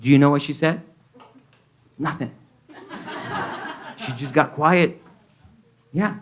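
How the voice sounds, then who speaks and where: On a comedy club stage before an audience, a Colombian stand-up comedian with a Colombian accent performs in a fairly high voice, taking it slowly, with a little hiss or hum in the audio. He mixes English and Spanish in his set and acts out the people in his stories.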